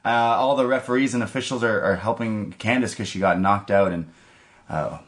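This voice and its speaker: A man co-hosts a podcast, recapping the week's wrestling in a loose, rambling way that is full of restarts and filler. His voice sits a little low. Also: normal speed. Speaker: podcast co-host. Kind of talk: casual wrestling recap chat.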